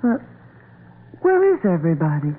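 Brief: woman as a nervous wife, stammering, lively pitch, old radio drama over a tinny line. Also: moderate pace. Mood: curious. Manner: hesitant, stammering, pleading. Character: timid, nervous wife growing frightened.

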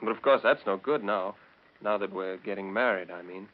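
A young actor playing an earnest young college graduate and fiancé in a 1940s radio drama, speaking mildly and hesitantly. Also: male voice, lowish voice, normal speed, natural voice. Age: young adult. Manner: mild, hesitant. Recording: dull old radio recording.

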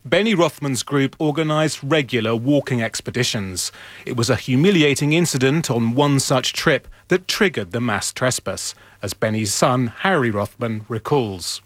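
A man reading a scripted documentary narration in a measured, even manner. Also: medium pitch, dry recording.

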